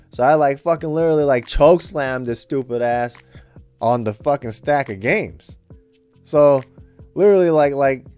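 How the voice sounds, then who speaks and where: A man's voice: fairly low pitch, a little mellow. A young man casually telling a rambling retail story, slangy and full of swearing and fillers.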